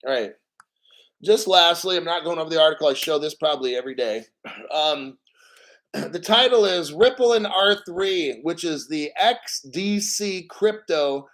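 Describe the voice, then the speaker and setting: Man, crypto vlog host, slightly high voice, profane, blunt, jokey, drags out words for emphasis. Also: animated, a bit bright. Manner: brash and profane, jokey asides; emphatic, repeats words slowly. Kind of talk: casual crypto vlog commentary.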